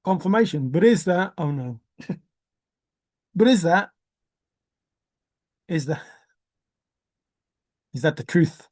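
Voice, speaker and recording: A woman's voice: lowish voice, expressive, slow, pauses often, a little mellow, dry recording. An older woman rambling to herself in a musing monologue, repeating words in a singsong way and humming. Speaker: treasure hunt vlogger.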